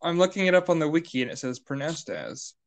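A man with a slightly higher voice co-hosts a casual podcast. He keeps the mood playful and teasing while counting down takes. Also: very animated, fast talker. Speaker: podcast co-host.

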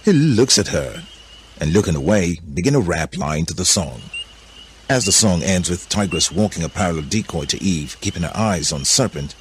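Deep-voiced man reading a story. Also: moderate pace, slight background noise. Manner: animated, voices many characters. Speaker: narrator.

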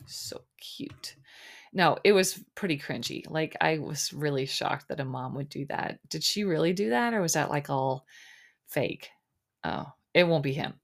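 Middle-aged woman, low voice, rambly podcast chat, kinda sleepy. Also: moderate pace, creaky. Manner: chatty, rambling, with many fillers. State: sleepy, yawning. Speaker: podcast host recapping a reality show. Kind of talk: casual solo chat.

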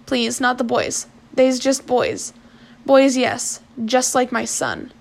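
A woman reading the lines of a rough, kindly adult sailor who protects the boys, her voice louder and more urgent, high and a little gravelly. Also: very animated, slow pace, full character voice. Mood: pleading.

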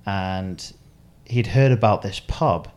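Young male podcast co-host, lowish voice, rambling and giggly storyteller. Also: takes it slowly, a little mellow. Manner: rambling, laughs often, acts out quotes. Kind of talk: casual storytelling chat.

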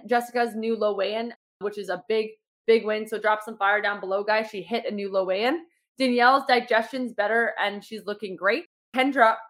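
A young woman with a fairly high, slightly bright voice coaches her fitness clients on a casual podcast. She's upbeat and encouraging, chatty, and full of fillers, saying "like" constantly.

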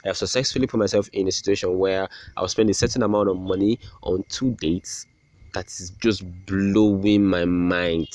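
A young man talks into a close mic in a dry, dead-sounding room, his voice sitting very low. He rambles through his day on a solo podcast, sarcastic and quick to poke fun at himself. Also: fairly even intonation, darkish tone, dry recording. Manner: rambling, sarcastic, self-deprecating, with many restarts. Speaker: podcast host. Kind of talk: casual solo podcast rant.

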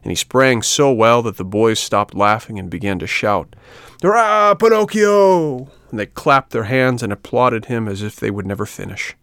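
A man reading a classic children's story aloud in a measured, even way. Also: lowish voice, no echo. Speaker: audiobook narrator. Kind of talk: storybook narration.

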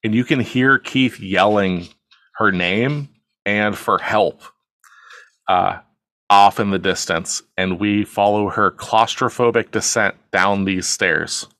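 A man's voice: fairly low pitch, slow pace, fairly bright tone, no echo, studio quality. A man hosting a podcast, casually retelling a film scene by scene and acting out the characters' lines, swearing freely. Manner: storytelling, acts out quotes, swears casually. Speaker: podcast host.

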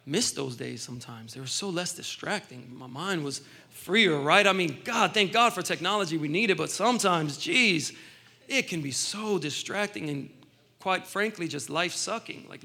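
A man in his thirties delivers a sermon, weaving his own testimony into scripture. His voice sits high and sounds bright and forceful, and he talks in a loose, emphatic way, often restarting and adding asides. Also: animated, moderate pace, gravelly. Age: 30s. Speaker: preacher.

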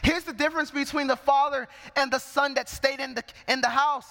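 A man's voice: very high-pitched, fairly even intonation, fairly quick, creaky, sharp tone, long reverb tail. A man preaching a sermon, reading scripture verse by verse and explaining it as he goes.

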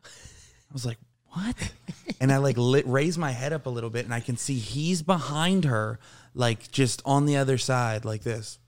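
A man's voice: medium pitch, normal speed. Profane storytelling man, rambling. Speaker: podcast co-host. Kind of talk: casual storytelling chat.

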